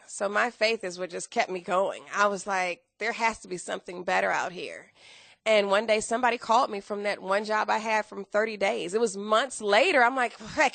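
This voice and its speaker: Lively storytelling woman, gravelly bright voice. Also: dry recording. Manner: lively, acts out quotes with big pitch jumps and laughter. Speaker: guest. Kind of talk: animated storytelling in a podcast interview.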